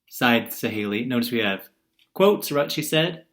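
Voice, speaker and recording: A man's voice: medium pitch, lively intonation, a little slow, fairly bright tone. A male teacher recording a video lesson, asking his class questions and answering them himself, and acting out quotes in different voices.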